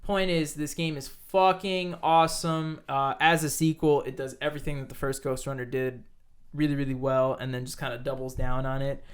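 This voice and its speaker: Male podcast host, mid-pitch, loose casual delivery, frequent swearing. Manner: loose, swears a lot, quick bursts of excitement. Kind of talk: casual chat.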